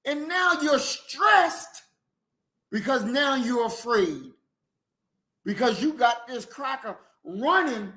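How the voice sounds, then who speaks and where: A man giving impassioned commentary on a clip, preachy and emphatic, swinging between shouts and low murmurs. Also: lively intonation, slow.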